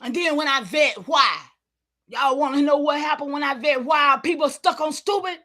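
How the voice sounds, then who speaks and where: A woman giving an impassioned, preachy livestream talk, calling out to her listeners and sometimes shouting in frustration. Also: high voice, moderate pace. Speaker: online community leader.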